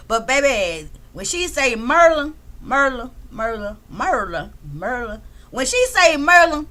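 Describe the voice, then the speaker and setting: A chatty, high-voiced woman hosts a casual livestream, commenting as she goes. She shouts out members of the chat and swears freely.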